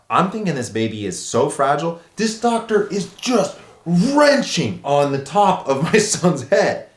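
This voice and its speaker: A man in his thirties who vlogs in a relaxed, animated way and throws in "dude" and "bro" a lot. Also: on the high side. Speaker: vlogger. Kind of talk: casual storytelling vlog. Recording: echoey room.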